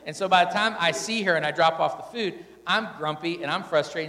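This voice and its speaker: A man's voice: on the high side, a little fast, sharp tone. A man speaking candidly to an audience about his marriage, often acting out his own and his wife's words. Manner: candid, self-deprecating, quotes himself and his wife. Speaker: husband on stage in a couples talk. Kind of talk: storytelling talk to an audience. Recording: echoey hall reverb.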